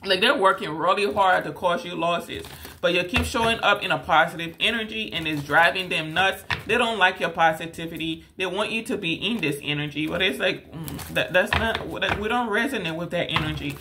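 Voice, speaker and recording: A woman's voice: lowish voice, moderate pace, background noise. A woman giving a casual tarot reading straight to the viewer, rambling and repeating herself with many fillers. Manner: emphatic, addresses viewer directly. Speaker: tarot reader.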